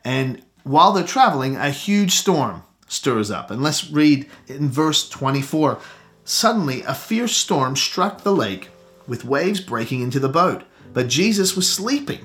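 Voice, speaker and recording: A man preaching a sermon earnestly, slowing down to stress the scripture he reads. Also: fairly high pitch, fairly bright tone.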